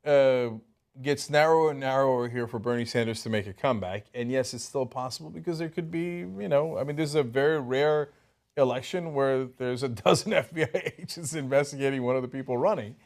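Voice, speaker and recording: A man hosting a political talk show, giving animated and worked-up commentary. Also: medium pitch, fairly quick.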